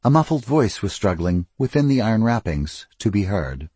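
Expressive male narrator, husky, lively, dry close sound; fits first-person audiobook. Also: on the low side, moderate pace, no echo.

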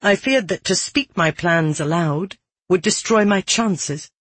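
An audiobook narrator reading first-person fiction at a steady, measured pace. The voice is slightly husky and sits at a middle pitch. The recording is dry and close, with no room sound. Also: no echo.

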